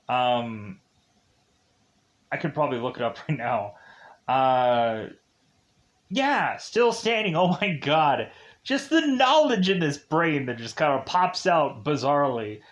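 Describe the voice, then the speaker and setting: Slow, rambling male movie reviewer. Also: fairly high pitch. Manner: rambling, heavy on fillers and restarts; self-amused, laughs at his own tangents. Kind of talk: casual film recap.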